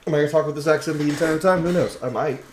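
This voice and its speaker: A man giving jokey, excitable commentary while playing a video game, now and then swearing. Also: a little high, very fast, slight background noise. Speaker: let's play host. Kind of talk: casual gameplay commentary. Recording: roomy echo, faint game music. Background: faint game music.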